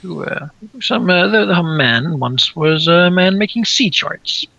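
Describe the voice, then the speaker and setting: A man narrating as game master of a tabletop game, halting with many fillers. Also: high-pitched, expressive, creaky, pushed and bright, no room sound, muffled recording.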